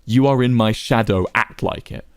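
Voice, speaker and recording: A man's voice: medium pitch, moderate pace, clean tone, no room sound, lightly acted. A man voicing a proud, volatile young man who stammers when unsure and snaps when insulted. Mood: angry. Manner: stammering, pleading then enraged.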